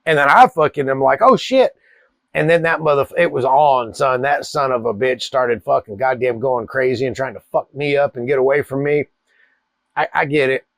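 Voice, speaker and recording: A man, telling a wild personal story in a profane, animated way. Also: mid-range voice, moderate pace, gravelly, dry recording. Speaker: cigar channel host. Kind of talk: casual storytelling.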